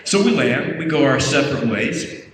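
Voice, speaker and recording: A man's voice: medium pitch, expressive, normal speed. A man on a convention panel telling a rowdy, profane story and imitating other people's voices. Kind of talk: storytelling to an audience. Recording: far-off echoey hall with noise.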